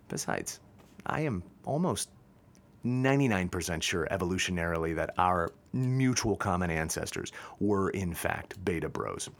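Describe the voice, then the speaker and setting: A man hosting a podcast, talking alone in a casual, joking, self-mocking way. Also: deep voice. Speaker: podcast host. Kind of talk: casual monologue.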